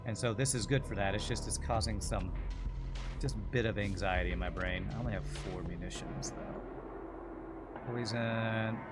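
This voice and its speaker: A man's voice: fairly low pitch, measured pace, over loud music. A man streaming a video game, chatting casually and rambling between the plays and chat messages. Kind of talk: casual gameplay commentary.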